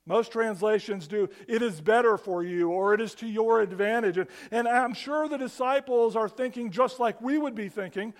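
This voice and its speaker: High-voiced man preaching a conversational sermon. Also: moderate pace, hardly any pauses. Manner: animated, conversational preaching with repeated restarts. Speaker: pastor.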